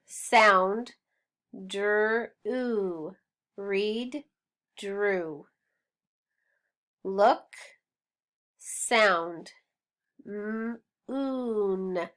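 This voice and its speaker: A woman teaching a phonics lesson, sounding out words slowly and deliberately. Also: mid-range voice, a bit bright.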